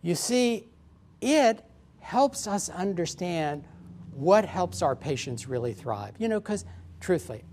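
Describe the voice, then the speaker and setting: A middle-aged man, a physician, giving a lecture full of stories and acting out the people he quotes. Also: on the high side. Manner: storytelling, acts out quoted patients and people. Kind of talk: conference lecture with anecdotes.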